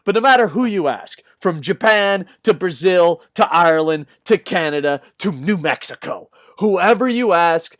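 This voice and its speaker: A man hosts a combat sports news talk with a lively, swooping delivery and a slightly high voice. He rants and jokes with lots of swearing. The sound is close and dry. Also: no room sound. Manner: profane, jokey and animated; mocks others with quick put-on voices. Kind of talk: casual news commentary rant.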